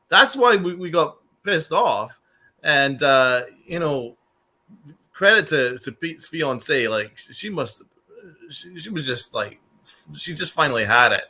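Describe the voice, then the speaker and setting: Excitable high-voiced man, bright tone. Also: slow pace. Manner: excitable, laughing, profane. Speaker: podcast co-host. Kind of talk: casual sports podcast storytelling.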